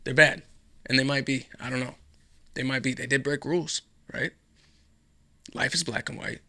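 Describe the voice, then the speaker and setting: A man's voice: medium pitch, steady tone, normal speed, pushed and bright. A man hosting his own show, talking alone in a casual, rambling way, sarcastic and dropping into a whisper for effect. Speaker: podcast host. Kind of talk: casual solo commentary.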